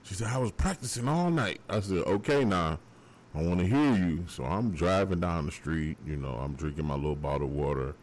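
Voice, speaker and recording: A man's voice: rumbling low, brisk, darkish tone. A male radio host giving a memorial tribute on air, half tearful and half laughing as he reminisces.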